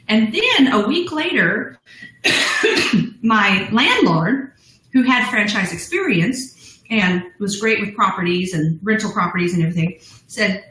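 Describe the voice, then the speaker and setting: A woman's voice: medium pitch, expressive, a little slow, a bit bright, reverberant, rough recording. A middle-aged woman, a business founder, telling her story as a guest in a live interview, bubbly and laughing often. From United States.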